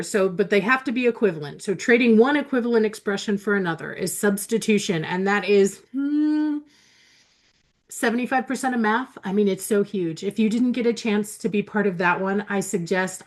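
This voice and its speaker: A woman's voice: mid-range voice, normal speed. A woman hosting a live math webinar over a computer mic. She talks in a chatty, enthusiastic way, with lots of fillers and laughs as she reads the chat aloud.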